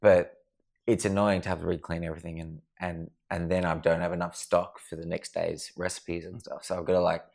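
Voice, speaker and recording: A man's voice: sits low, flat delivery, a little fast, vocal fry, darkish tone. A man telling sweary, rambling stories in casual chat at home at night. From Australia. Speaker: podcast guest. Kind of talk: casual storytelling. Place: house at night.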